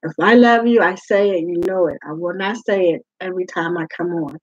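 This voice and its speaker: A woman's voice: on the low side, fairly quick, slightly rough, no echo. A woman life coach speaking to her group in a live talk, emphatic and repeating her phrases for weight. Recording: dull lo-fi sound.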